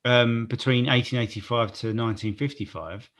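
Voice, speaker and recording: A man co-hosting a podcast, chatting casually about a film in a relaxed, rambling way, with casual swearing. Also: medium pitch, normal speed. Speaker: podcast co-host.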